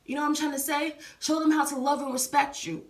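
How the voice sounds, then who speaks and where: A woman's voice: sits high, steady tone, fast. A young woman giving earnest relationship advice in a casual vlog, repeating herself and addressing the viewer directly. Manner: earnest, repetitive, talks straight to the viewer as "baby". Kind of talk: casual heartfelt advice talk. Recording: echoey room, from a distance.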